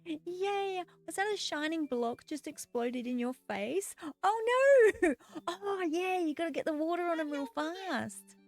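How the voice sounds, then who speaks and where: A woman game streamer chatting casually and excitedly with her live viewers while she plays, giggling often. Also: high-pitched, normal speed.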